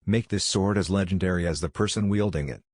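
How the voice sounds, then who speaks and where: A man reading as a young male ninja hero, calm and confident, with a steady, level delivery. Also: low voice, a little fast, no room sound, studio quality.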